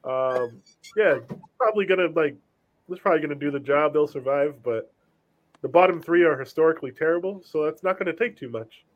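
A man's voice: fairly high pitch, animated, a little fast. A man speaking frankly as a sports panelist through a dull, lo-fi mic. His voice is slightly raised and his opinions come out plain. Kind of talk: casual chat.

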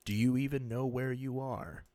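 A man imitating a male anthology-series host in a low, flat, ominous monotone. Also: normal speed, no echo, clean studio sound, natural voice.

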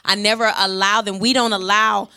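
Bright-voiced woman preaching with passion. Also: flat delivery, normal speed, smooth. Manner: passionate, emphatic preaching that swells in pitch and volume. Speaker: pastor. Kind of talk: sermon.

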